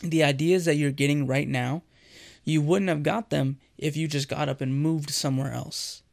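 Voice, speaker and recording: Earnest gravelly man preaching. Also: on the high side, steady tone, normal speed. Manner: earnest, conversational, addresses listener directly. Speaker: Christian devotional host. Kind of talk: conversational sermon.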